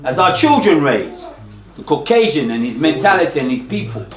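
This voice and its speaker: A man speaking emphatically in an animated group discussion, expressive and lively. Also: on the high side, moderate pace, music in the background. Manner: emphatic, expressive, acts out quotes. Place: meeting room with listeners. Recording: echoey room with a group around.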